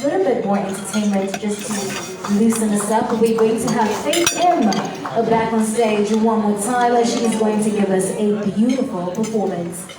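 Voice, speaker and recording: A woman emceeing an awards ceremony, announcing in a loud, upbeat way. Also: mid-range voice, normal speed. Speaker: event emcee. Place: large event hall. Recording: echoey hall, far from mic, crowd.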